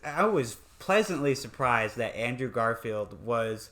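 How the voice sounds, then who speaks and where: A man's voice: medium pitch, big pitch swings, a little slow, sharp tone. A man co-hosting a podcast, chatting casually about movies, swearing now and then and laughing often. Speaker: podcast co-host. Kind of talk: casual movie review chat.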